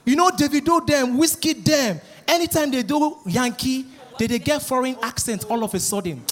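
A man with a Nigerian accent doing animated stand-up comedy, slipping into Pidgin and acting out quotes. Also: very high voice, normal speed. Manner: animated, switching between Pidgin and acted quotes. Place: live comedy stage.

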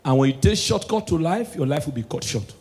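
A man with a Nigerian accent doing stand-up comedy on a live stage, delivering loud, animated punchlines in a mix of Pidgin and English. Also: a little high, a little fast.

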